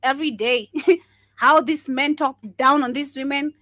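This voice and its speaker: A woman's voice: high-pitched, steady tone, a little slow, bright, forceful tone, dry recording. A young woman hosting a livestream, giving blunt, impassioned commentary, swearing often and laughing between points. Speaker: livestream host.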